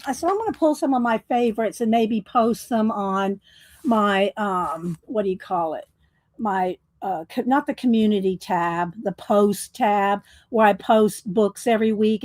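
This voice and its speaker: Greeting viewers by name between bursts of laughter, a woman chats through a casual home livestream on a desktop USB mic. Her pitch is fairly high, her tone a bit dark. There's no echo, though the audio is poor.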